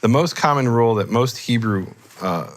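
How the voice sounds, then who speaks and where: A man explaining grammar in a relaxed teaching discussion, thinking aloud and correcting himself as he goes. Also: medium pitch, moderate pace, a little hiss or hum. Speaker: Hebrew scholar teaching.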